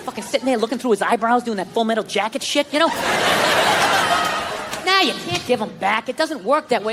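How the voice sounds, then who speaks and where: Comedian ranting loud and sweary, high-ish voice, big roomy hall, crowd roaring with laughter. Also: male voice, a little fast, pauses often, very noisy. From United States. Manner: loud, profane, ranting delivery. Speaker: stand-up comedian. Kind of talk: live stand-up comedy set. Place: live comedy venue in England.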